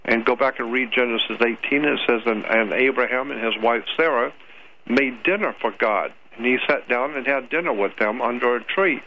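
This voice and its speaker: A man's voice: medium pitch, moderate pace, a little hiss or hum. An older man, a guest researcher on a radio interview, lecturing at length, spelling words out letter by letter and repeating his points. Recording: dull lo-fi radio audio.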